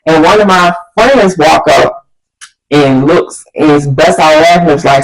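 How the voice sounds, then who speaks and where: A woman vlogger telling a storytime tale in an animated, chatty way, talking straight to her viewers. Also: sits low, unhurried, poor audio. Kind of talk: storytime vlog.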